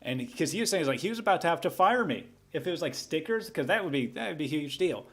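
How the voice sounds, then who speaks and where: A man's voice: on the high side, expressive, quick pace, slightly rough. A young man casually telling a long story on a livestream, rambling with frequent restarts and asides. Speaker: livestream host.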